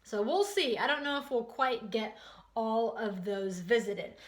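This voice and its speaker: A woman teaching a social studies lesson to young children, leading call-and-response repetition in a slow, sing-song way. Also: on the high side, echoey room.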